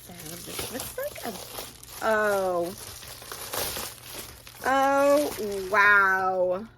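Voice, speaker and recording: Slow-talking gushing woman unboxing gifts. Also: medium pitch, noisy background. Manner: gushing, gasps and squeals with delight. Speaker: crochet channel host. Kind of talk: casual unboxing vlog. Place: home craft room.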